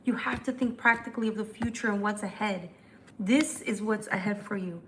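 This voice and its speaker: Chatty female tarot reader, live stream, rushing, faint background noise. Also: medium pitch. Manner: chatty, fast, repetitive restarts. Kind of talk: live tarot forecast reading.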